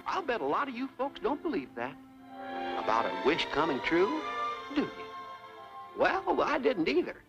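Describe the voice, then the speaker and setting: A man playing a cheerful, chatty male cricket with a gravelly, folksy singsong voice, heard from an old film soundtrack over loud music. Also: extremely high pitch, wildly swooping pitch, normal speed, long pauses, lo-fi sound, exaggerated voice.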